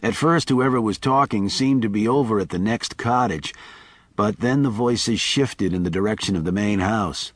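This is a dry recording of a man reading an audiobook, his fairly low voice measured and expressive.

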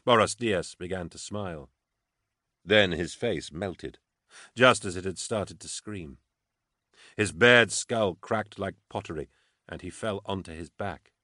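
A man's voice: sits low, a little slow, pushed and bright, dry recording, clean studio sound. A man narrating fiction steadily as an audiobook narrator.

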